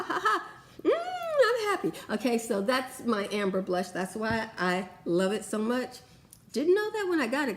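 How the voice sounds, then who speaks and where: Gushing, chatty woman vlogger. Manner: chatty and gushing, lively swings in pitch. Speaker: beauty vlogger. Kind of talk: casual product review chat.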